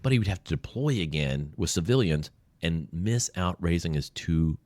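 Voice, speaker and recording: A man's voice: deep voice, animated, normal speed, a little mellow, no room sound. A man telling heartfelt stories as a guest in an interview, earnest and openly emotional. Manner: earnest, emotional, storytelling with quoted voices. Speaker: podcast guest, veteran advocate. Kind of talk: conversational storytelling interview. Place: small room.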